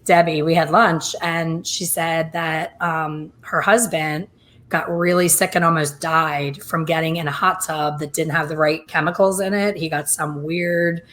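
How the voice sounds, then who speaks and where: A middle-aged woman hosting a casual chat, telling lively stories and acting out other people's voices. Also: low voice, a little slow, a little hiss or hum. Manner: animated, acts out quoted voices. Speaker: host.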